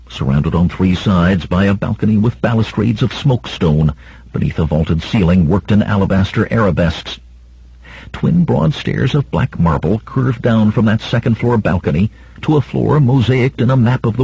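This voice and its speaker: A man's voice: on the low side, creaky, husky, dry recording, poor audio. A man narrating an audiobook in a dramatic reading style. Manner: dramatic, voices shouts of characters. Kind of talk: scripted narration.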